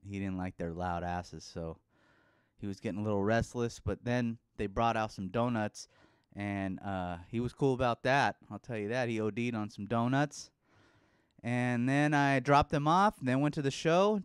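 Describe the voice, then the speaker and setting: A man's voice: on the low side, smooth, dry recording, clean studio sound. A young man hosting a casual solo podcast, rambling sarcastically and swearing often. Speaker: podcast host.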